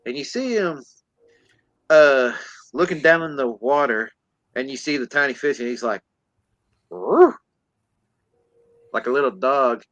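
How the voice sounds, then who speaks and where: A man's voice: medium pitch, normal speed, a bit bright, no echo, low-quality recording. A man co-hosting a podcast, casually retelling a film's plot and acting out the characters in silly voices. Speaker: podcast co-host.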